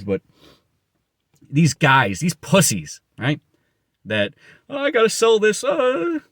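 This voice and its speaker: A man delivers a rambling motivational rant, boastful and crude, often correcting himself mid-sentence. His pitch rises and falls in lively swings. The recording is dry, with no room sound. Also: dry recording. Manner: blunt, boastful and profane; emphatic, rambling with self-corrections. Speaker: motivational speaker. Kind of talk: unscripted motivational monologue.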